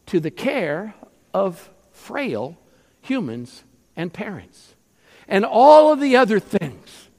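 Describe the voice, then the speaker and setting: Man, pastor, passionate sermon, animated pitch, reverberant church hall. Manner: impassioned preaching, swings between loud emphasis and hushed tones.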